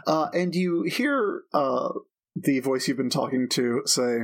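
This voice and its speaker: A man running a tabletop game as game master, narrating with many pauses and fillers. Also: medium pitch, animated. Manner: hesitant, filler-heavy narration.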